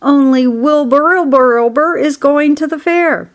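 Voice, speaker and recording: High snappy stuttery mother goose, lady putting her on. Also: unhurried. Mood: snapping. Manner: stuttering, sharp.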